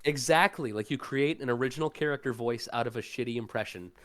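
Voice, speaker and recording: A man's voice: medium pitch, fast, a bit bright. A young adult man, a guest voice actor, talking casually on a podcast with loose, rambling speech full of fillers.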